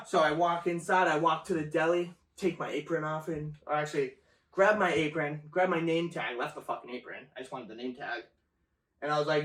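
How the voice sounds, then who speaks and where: Brisk and on the high side, a young man tells lively work stories as a guest, laughing as he goes and cursing a lot. The chat is casual, captured by a far-off mic in a room with echo.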